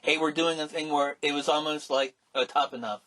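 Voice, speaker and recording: A middle-aged man chats casually as a podcast co-host. His voice sits a little high for a man, and he rambles with plenty of restarts and sudden animated outbursts. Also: fairly quick. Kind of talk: casual chat.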